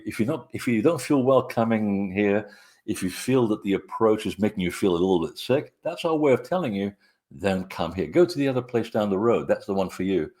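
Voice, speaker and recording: A middle-aged man, a guest author, telling anecdotes in a relaxed, rambling way with many hesitations. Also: low voice. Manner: rambling, hesitant with frequent fillers. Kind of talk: conversational storytelling interview.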